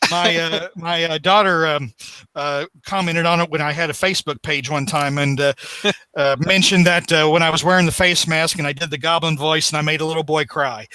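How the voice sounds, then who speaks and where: A man's voice: on the high side, fairly even intonation, a little fast, pushed and bright, clear, resonant tone. A middle-aged man co-hosting a podcast, rambling through comic recaps with laughs and acted-out quotes. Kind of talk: casual chat.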